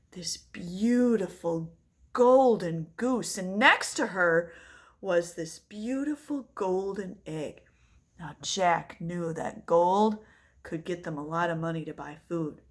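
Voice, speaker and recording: A woman telling a children's story, animated and prompting listeners to act along. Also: medium pitch. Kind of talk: interactive storytime narration.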